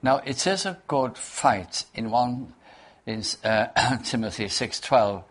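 A man leading a prayer meeting, giving a Bible talk in an unhurried way, repeating key words and quoting old scripture. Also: mid-range voice.

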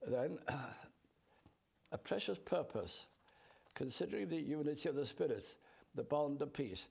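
A man preaching a sermon in a slow, measured way, drawing out his scripture quotes. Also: fairly high pitch, lively intonation, vocal fry, darkish tone, breathy edge.

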